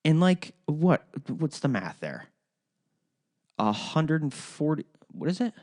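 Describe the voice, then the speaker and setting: Casting note: male podcast host, lively pitch, swearing rants, trips over words. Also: slow pace. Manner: animated, profane, rambling ranting with frequent restarts. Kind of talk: solo podcast rant.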